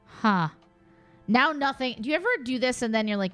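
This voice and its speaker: A woman's voice: fairly high pitch, animated, moderate pace, a bit bright, clear, resonant tone, faint music behind. A woman streaming in casual, chatty commentary, thinking aloud with playful asides.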